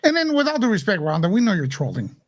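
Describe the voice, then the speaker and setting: A man hosting a casual livestream chat, blunt and joking, quick to mock. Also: high-pitched, sing-song, no room sound. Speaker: show host.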